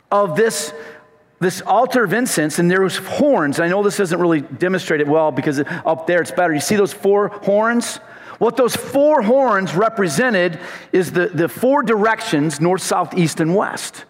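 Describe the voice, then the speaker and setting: Male preacher, high voice, emphatic sermon, long hall echo. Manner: emphatic, rising to shouts then dropping low.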